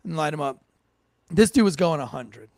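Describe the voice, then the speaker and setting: A man in his thirties, a former police officer, co-hosting a casual podcast and telling an animated, swearing story. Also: fairly high pitch, moderate pace, no room sound, clean studio sound. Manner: animated, swearing, acts out the people in his stories.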